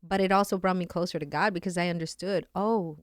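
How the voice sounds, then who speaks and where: A woman's voice: lowish voice, a little fast, crowd noise. A woman in her thirties telling a personal story as a podcast guest, acting out the voices of the people in it. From Latin America. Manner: animated, acts out quoted voices. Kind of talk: casual storytelling.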